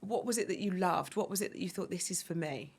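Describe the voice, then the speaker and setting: A woman's voice: on the low side, fast, breathy edge. Encouraging woman podcast host. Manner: warm, encouraging, filler-heavy. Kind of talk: casual interview chat.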